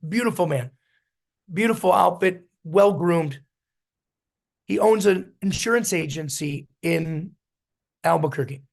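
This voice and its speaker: A man's voice: high voice, gravelly. A man coaching a business team in a storytelling motivational talk, repeating his key points with emphasis. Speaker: business mentor.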